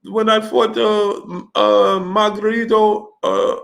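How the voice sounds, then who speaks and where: A man doing an impression of a famous middle-aged boxer, speaking in a halting, hesitant way full of fillers. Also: high-pitched, level tone, gravelly, a bit bright, pitched above the performer's own voice, exaggerated voice. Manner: halting, filler-heavy, stumbling restarts.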